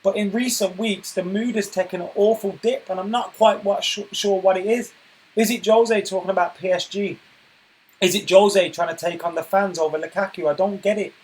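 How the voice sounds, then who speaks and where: A man hosting a casual football live stream, chatting and reading viewer comments aloud, getting loud and worked up when he rants. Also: high voice, fairly even intonation, moderate pace, low-quality recording. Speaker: football channel host reading live chat.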